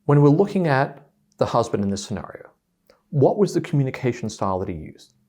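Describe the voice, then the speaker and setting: A man with a medium-pitched, brisk voice tells an audience a story about communication styles. He's animated, acting out both sides of a quoted argument.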